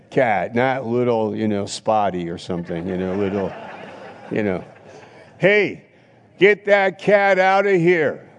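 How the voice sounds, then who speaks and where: Male pastor, gravelly, preaching emphatically in a reverberant church hall. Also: medium pitch. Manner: emphatic preaching with sudden loud rises and repetition. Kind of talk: sermon.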